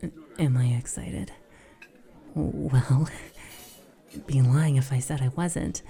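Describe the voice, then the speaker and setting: A young adult woman in a whispered role-play, talking in flustered, breathy whispers and teasing asides. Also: extremely low pitch, steady tone, slow pace, dark tone.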